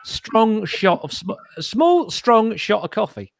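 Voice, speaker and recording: A man's voice: high-pitched, very animated, takes it slowly, creaky, no room sound. A man co-hosting a casual live-stream chat, joking, swearing freely and laughing often. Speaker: co-host.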